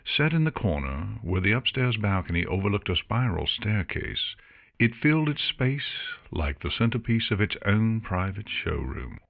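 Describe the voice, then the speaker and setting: Gravelly low-voiced man narrating an audiobook. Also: normal speed, dry recording, clean studio sound. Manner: expressive storytelling. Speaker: audiobook reader.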